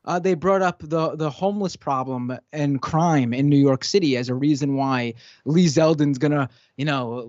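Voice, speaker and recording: A man's voice: on the high side, normal speed, a little mellow, no room sound, dull audio. A man hosting a live stream, chatting casually and ranting animatedly, speeding up when he argues. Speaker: show host.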